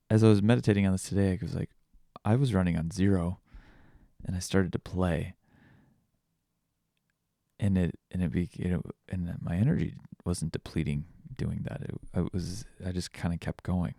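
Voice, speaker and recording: A man's voice: low-pitched, steady tone, moderate pace, gravelly, pauses often, a little mellow, dry recording, studio quality. A man in his thirties hosting a podcast, musing aloud in a candid, rambling way full of restarts. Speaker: podcast host. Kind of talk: reflective monologue.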